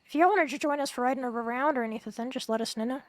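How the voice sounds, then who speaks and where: A woman, roleplaying in character in halting, stammering speech. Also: sits high, no room sound. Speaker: streamer playing a street rat.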